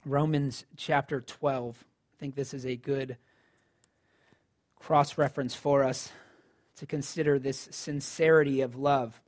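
A man's voice: medium pitch, steady tone, measured pace, pauses often. A man preaching a sermon in a conversational style, rising to emphatic lines. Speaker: pastor.

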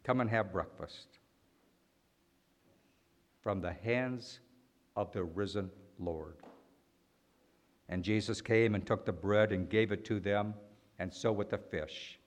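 A man preaching a sermon, animated and full of rhetorical questions and dramatic pauses. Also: lowish voice.

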